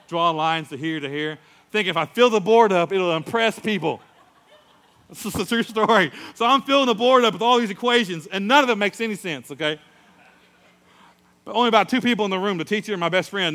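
A middle-aged man preaches and tells a story with animated delivery, putting on the voices of the people in it. His voice is bright and forceful and sits a little high. A long reverb from a large hall trails behind his words. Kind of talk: sermon with personal story.

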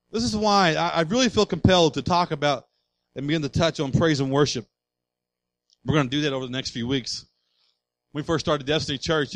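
A male pastor preaching a sermon with passion, building up to loud declarations. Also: a little high, dry recording, low-quality recording.

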